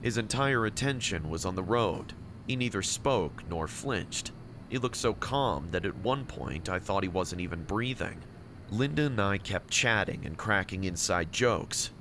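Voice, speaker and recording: Low-voiced man narrating a story. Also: lively intonation, measured pace, noisy background. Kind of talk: scripted first-person story narration. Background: music.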